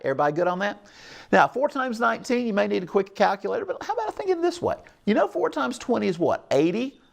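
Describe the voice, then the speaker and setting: Middle-aged male TV math teacher, upbeat and coaxing, slightly high, gravelly voice. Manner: upbeat, coaxing, checks in with viewers often. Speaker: math teacher hosting a call-in show. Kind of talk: televised math lesson.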